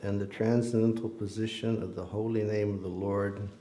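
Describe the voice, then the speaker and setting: A man's voice: lowish voice, flat delivery, moderate pace, warm tone. A man giving an informal devotional talk in a temple, speaking earnestly and conversationally. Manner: conversational, earnest, with ordinary fillers. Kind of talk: informal sermon with storytelling. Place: temple hall during a festival. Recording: echoey hall.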